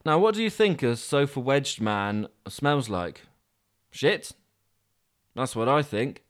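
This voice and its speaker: A man narrating a comic story with dry, deadpan asides. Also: medium pitch, slow. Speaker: podcast host and storyteller.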